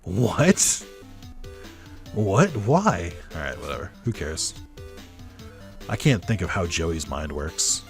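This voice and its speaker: A man's voice: extremely low pitch, animated, a little slow, long pauses, fairly bright tone, soft background music. A young man giving casual let's-play commentary, musing aloud in a laid-back way with little chuckles. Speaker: gamer.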